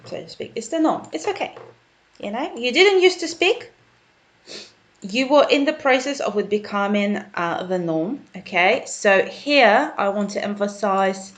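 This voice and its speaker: A British woman giving an online English grammar lesson in a chatty, friendly teacher's way. She keeps checking in with her viewers while she types out notes as she explains. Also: mid-range voice. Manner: chatty, checks in with "okay?" and "guys".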